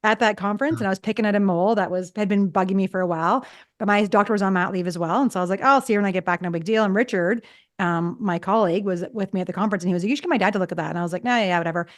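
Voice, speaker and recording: A woman in her fifties talks quickly and chattily as a guest in a relaxed interview. She tells personal stories and slips into acting out both sides of old conversations. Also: mid-range voice. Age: 50s. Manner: chatty, acts out past conversations. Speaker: psychologist guest. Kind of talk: casual storytelling interview.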